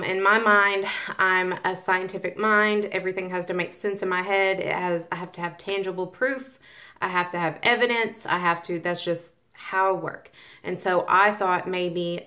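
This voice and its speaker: A woman's voice: fairly low pitch, fairly bright tone. A woman vlogging casually about manifestation, rambling with many ums and restarts and acting out grumbling complaints. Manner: acts out grumbling quotes of tired workers. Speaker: spiritual vlogger. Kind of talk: casual talk to camera.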